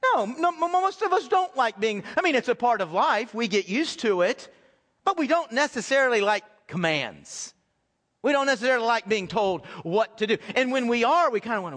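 Casting: male pastor, very high voice, chatty sermon full of rhetorical questions and restarts. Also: expressive, fairly quick, fairly bright tone. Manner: conversational preaching with rhetorical questions and repeated restarts. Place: church hall with audience.

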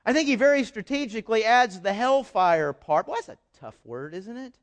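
A male pastor preaching a sermon with an animated manner, often repeating words and dropping joking asides. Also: sits high, normal speed.

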